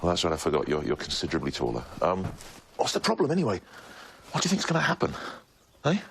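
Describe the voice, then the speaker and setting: A man's voice: deep voice, wildly swooping pitch, fast, vocal fry, a bit bright, a little hiss or hum. A man in his forties, teasing and playful in comic banter, often talking over others. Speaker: travelling companion, impressionist. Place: hotel room and restaurant.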